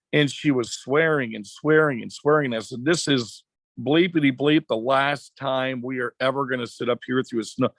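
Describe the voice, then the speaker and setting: A middle-aged man from Wisconsin, a former racetrack announcer, telling a story as a podcast guest in a chatty, animated way. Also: mid-range voice, no room sound. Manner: chatty, animated anecdotes with quoted dialogue. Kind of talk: casual storytelling.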